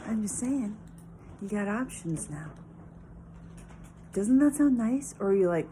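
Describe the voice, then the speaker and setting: A woman's voice: medium pitch, expressive, unhurried, pauses often, mellow, a little hiss or hum. A woman vlogging in a meandering, spiritual, musing way full of fillers, recorded on a phone. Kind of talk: rambling casual vlog.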